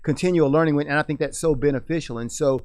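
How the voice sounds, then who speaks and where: A man's voice: fairly high pitch, fast talker, darkish tone, dry recording, studio quality. A middle-aged man co-hosting a radio talk show, talking earnestly in a casual discussion with lots of restarts.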